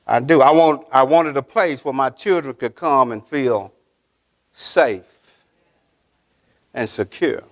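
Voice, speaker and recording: A man, a pastor, preaching a sermon. He speaks emphatically, repeats key phrases and keeps asking the congregation if they are with him. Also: mid-range voice. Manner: preaching with call-and-response questions to the congregation. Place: church sanctuary.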